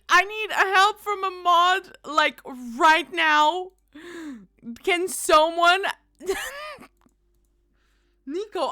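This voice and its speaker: Bright, high-voiced woman streamer. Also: clean tone, dry recording, clean studio sound. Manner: bubbly, bursts into loud panicked squeals and laughter; calls viewers darling. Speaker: game streamer. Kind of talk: casual live-stream chat.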